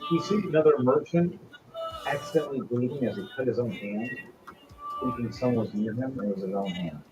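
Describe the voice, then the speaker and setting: A man's voice: mid-range voice, fairly quick, lo-fi sound, music in the background. A man narrating a tabletop game as its game master, telling the story with energy. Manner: animated storytelling.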